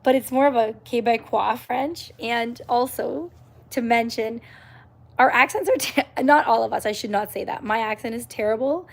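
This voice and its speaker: A woman's voice: a little high, normal speed, creaky. A woman from Canada chatting casually to viewers on her live stream, upbeat and encouraging, with many fillers and restarts. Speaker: YouTuber hosting a live stream.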